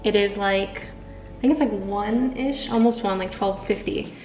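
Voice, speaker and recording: A young woman talks her way through a day of cooking and eating, upbeat and loose, with plenty of filler words. Her voice sits at a middling pitch and carries a roomy kitchen echo. Soft music plays faintly underneath. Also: normal speed. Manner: chatty, upbeat, lots of fillers like "like". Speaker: food vlogger. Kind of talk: casual vlog narration while cooking and eating.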